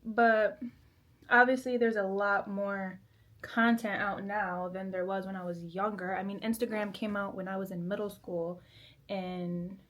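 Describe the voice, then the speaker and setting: A woman's voice: mid-range voice, level tone, unhurried, fairly bright tone. A woman in her twenties chatting casually and giggling as she does her makeup at home. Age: 20s. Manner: chatty, giggly, self-deprecating. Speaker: vlogger. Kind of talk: casual chat while doing makeup. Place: bedroom at home.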